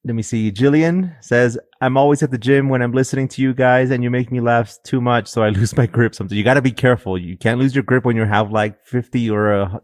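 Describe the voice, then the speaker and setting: A man's voice: mid-range voice, quick pace, hardly any pauses, no room sound, studio quality. A man co-hosting a podcast, chatting casually, laughing often and reading out listener comments. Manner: easygoing, laughs a lot. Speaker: podcast co-host.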